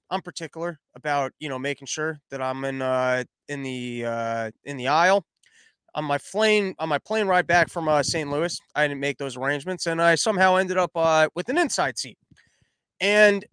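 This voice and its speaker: A man's voice: sits high, a bit bright, clear, resonant tone, no room sound. A man telling a rambling comic story, full of stammered restarts. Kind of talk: comedic storytelling monologue.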